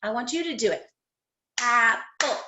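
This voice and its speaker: A woman teaching young children an online phonics lesson, sounding out letters slowly in an encouraging, sing-song way. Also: sits high, animated, echoey room, background noise. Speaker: kindergarten teacher. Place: home room.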